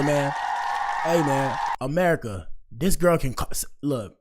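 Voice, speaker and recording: A man's voice: fairly high pitch, animated, measured pace, noisy background. A man hosting a casual commentary show, reacting to clips with slangy asides and exclamations.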